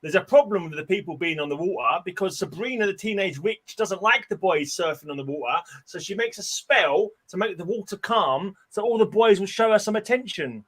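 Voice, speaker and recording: A man's voice: sits high, animated, fairly quick, few pauses, fairly bright tone, slightly rough. A man with a British accent on a casual online panel, playful and teasing as he tells little stories.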